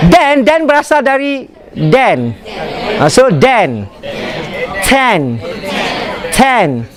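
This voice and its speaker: A man with a Malaysian accent teaching a pronunciation workshop, drilling sounds by repeating words and often chuckling. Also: very high-pitched. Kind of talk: live classroom teaching. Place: workshop room full of students. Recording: students chattering in background.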